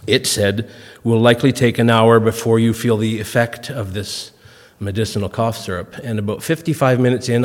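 Folksy older man in a reverberant hall. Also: medium pitch. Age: 50s. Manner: folksy, self-deprecating storyteller with comic timing. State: recovering from a cough, clears throat. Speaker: guest speaker. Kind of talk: humorous storytelling talk to a congregation.

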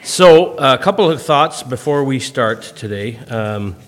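A man in his fifties tells wry, self-mocking stories to a church crowd, with folksy comic timing. He clears his throat now and then, still getting over a cough. His voice rings out with a long hall reverb. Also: mid-range voice, lively intonation, a little slow. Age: 50s. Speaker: guest speaker. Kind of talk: humorous storytelling talk to a congregation.

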